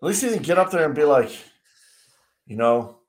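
Animated and rapid-fire, this man speaks in a slightly high voice with roomy, echoey sound. He co-hosts a podcast talk show from a desk indoors, ranting about politics with heated swearing and frequent restarts.

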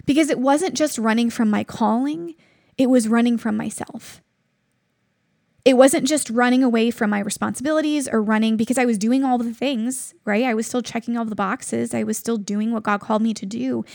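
A woman's voice: on the high side, moderate pace, gravelly, darkish tone, dry recording, studio quality. A woman in her thirties hosting a devotional podcast, telling a personal story in an earnest, reflective way. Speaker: podcast host.

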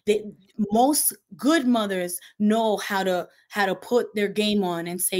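A woman's voice: mid-range voice, a little slow, darkish tone. A woman pastor speaking earnestly in a faith conversation, with a preaching cadence and repeated phrases.

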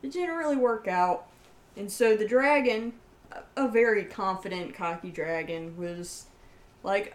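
Woman, game master, podcast co-host, animated storyteller, middle pitch, roomy echo. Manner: animated storytelling with quick quoted asides. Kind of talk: casual chat, retelling a game story. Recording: echoey room.

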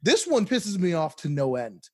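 A man with a high, bouncing voice co-hosts a casual podcast. He rants about things that annoy him with animated indignation, laughing often. His pitch leaps up and down as he talks. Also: moderate pace. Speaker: podcast co-host.

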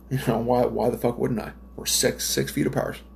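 Man, from Nova Scotia, gravelly fry, profane rambling rant, casual monologue, faint noise. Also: medium pitch, level tone, moderate pace. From Nova Scotia, Canada. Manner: profane, rambling, lots of fillers and restarts. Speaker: smoker telling stories.

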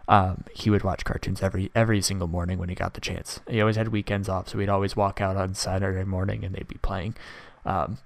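A man's voice: low voice, flat delivery, fast talker, creaky, dry recording. A young man in his early twenties hosts a podcast alone, giving his opinions in a rambling, casual monologue full of restarts. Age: early 20s. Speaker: podcast host.

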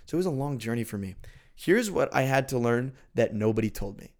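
A man's voice: mid-range voice, lively intonation, fairly quick, a little mellow. Earnest man teaching in casual talk. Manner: earnest, conversational, checks in with the listener. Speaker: podcast host teaching on faith.

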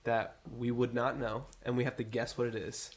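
A man's voice: medium pitch, flat delivery, moderate pace. A man co-hosting a podcast, upbeat and full of jokes. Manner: jokey, upbeat. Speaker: podcast co-host. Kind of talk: casual chat.

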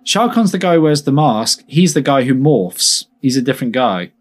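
A man chatting casually while watching a film, animated and quick to laugh, often restarting his sentences. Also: medium pitch. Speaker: film watch-along co-host. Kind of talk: casual reaction chat over a film. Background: faint film soundtrack music.

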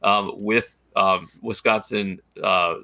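A man's voice: lowish voice, steady tone, takes it slowly, pushed and bright, no room sound. A man co-hosting a casual baseball podcast, blunt and opinionated, with many fillers. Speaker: podcast co-host.

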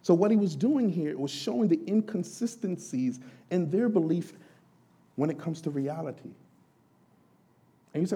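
A male lay pastor delivers a sermon in an animated, conversational way, voicing questions to the apostle as if speaking to him. His voice is mellow and slightly husky, with pitch that swings widely as he preaches. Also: moderate pace, pauses often.

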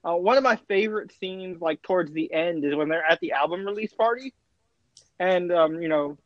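A man's voice: high-pitched, moderate pace, no room sound. A man co-hosting a podcast, chatting enthusiastically about a TV series with lots of fillers and restarts. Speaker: podcast co-host. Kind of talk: casual chat reviewing a TV series. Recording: dull lo-fi dry mic.

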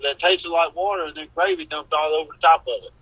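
A man's voice: on the high side, steady tone, quick pace, bright, forceful tone, slightly rough, dry recording, highs cut off. A man on a podcast call, casually telling rambling anecdotes and acting out the people he quotes. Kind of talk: casual chat, storytelling.

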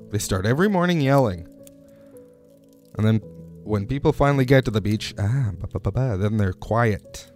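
A man's voice: medium pitch, darkish tone. A man rambling through a comic monologue, digressing wryly and asking the listener questions.

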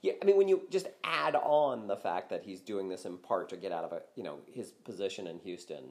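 An older man talks sports on a podcast in a loose, conversational way. His pitch swings widely, and he sometimes jumps into loud, high-pitched exclamations. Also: fairly quick. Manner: animated, bursts into loud high-pitched shouts. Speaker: podcast guest. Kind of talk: casual sports chat.

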